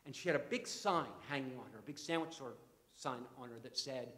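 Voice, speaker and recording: A man giving a talk to an assembly as guest speaker, telling an animated story and repeating words as he starts sentences. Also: mid-range voice, brisk, big-room sound. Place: assembly hall.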